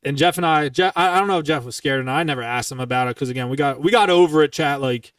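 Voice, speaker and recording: A young man with a slightly high voice tells a story in loose, swear-heavy podcast chat. His words tumble out heated and rambling. The sound is dry and a bit distant from the mic. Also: quick pace, fairly bright tone, no room sound. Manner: profane, heated, rambling retelling. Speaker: podcast host.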